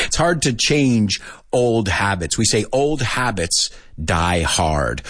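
Male live-stream teacher, husky voice, animated intonation, chatty and prone to laughter. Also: on the low side. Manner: lively, chatty, laughs often, switches between two languages. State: parent of a young daughter. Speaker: language teacher. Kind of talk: live lesson reading viewer comments.

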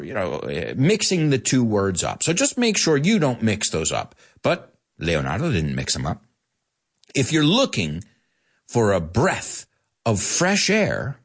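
A man's voice: medium pitch, husky. A man hosting a live English lesson, playful and joking with viewers, slipping Spanish phrases into his explanations. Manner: playful, animated, jokes with viewers. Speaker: English teacher and show host.

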